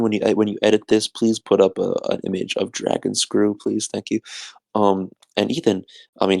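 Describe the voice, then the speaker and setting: A man's voice: fairly low pitch, creaky, darkish tone. A young man on a podcast, rambling sleepily to himself in a repetitive solo monologue. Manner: sleepy, repetitive self-talk. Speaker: podcast co-host.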